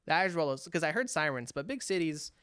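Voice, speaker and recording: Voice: medium pitch, brisk, smooth, no room sound, studio quality. A speaker from California telling a long personal story in casual chat, acting out quotes with lots of restarts. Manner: animated, acts out quotes, frequent restarts.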